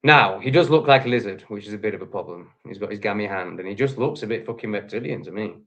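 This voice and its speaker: A man's voice: on the low side, fast talker, fairly bright tone. A man from England with an English accent, ranting angrily and profanely on a livestream. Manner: profane, heated, repetitive ranting. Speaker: livestream host. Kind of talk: angry livestream rant.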